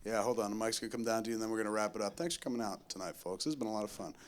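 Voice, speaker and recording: A man's voice: fairly low pitch, very fast. Male moderator, film Q&A, loose and profane, joking. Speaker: moderator host. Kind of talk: moderating a panel Q&A. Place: cinema auditorium.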